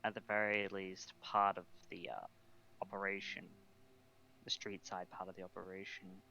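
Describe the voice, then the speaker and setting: A man's voice: flat delivery, normal speed, vocal fry, bright, forceful tone, exaggerated voice. Man whispering as a scheming female vampire. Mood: conspiratorial. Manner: low conspiratorial whisper. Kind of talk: whispered role-play. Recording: muffled lo-fi mic with faint hiss.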